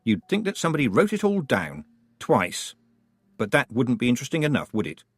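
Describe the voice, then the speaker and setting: A man's voice: medium pitch, huge pitch swings, fairly quick, breathy edge, no room sound, heavily acted. A man voicing an older village woman in an audiobook, chattering proudly and gossiping.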